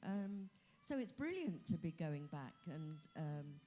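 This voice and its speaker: A woman's voice: low-pitched, very animated, takes it slowly, mellow. A woman speaking on a convention panel, thoughtful and a little hesitant. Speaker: convention panel guest, actress. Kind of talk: casual panel talk. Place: convention hall stage.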